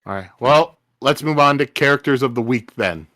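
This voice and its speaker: A man's voice: mid-range voice, moderate pace, a bit bright, no room sound, clean studio sound. A man hosting a casual book-discussion podcast, easygoing and steering the conversation along. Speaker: podcast host.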